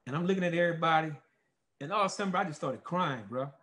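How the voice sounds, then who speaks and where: Man, ex football player, interview guest with a somewhat high voice, rambles through animated stories. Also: racing. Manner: rambling, animated storytelling with many fillers. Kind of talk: casual storytelling interview.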